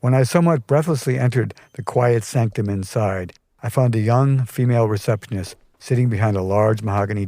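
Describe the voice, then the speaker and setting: A man narrating a scripted personal story in a measured, wry way. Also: fairly low pitch, gravelly, dark tone, no room sound, studio quality. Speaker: storyteller podcast host.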